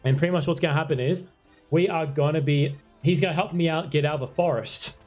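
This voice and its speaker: A man's voice: on the high side, fast talker, soft background music. A young man streaming a game live, chatting to viewers, yelping and apologizing as he plays. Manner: excitable, yelps and apologizes, chats to viewers. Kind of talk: live gameplay commentary.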